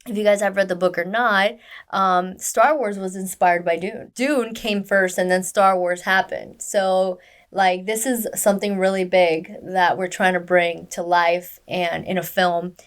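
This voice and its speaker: A woman's voice: mid-range voice, moderate pace. Young woman chatting on a podcast, voice jumps up when she quotes people, lots of likes and ums. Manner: animated, acts out quoted dialogue, many fillers. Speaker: stunt performer guest. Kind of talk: casual interview storytelling.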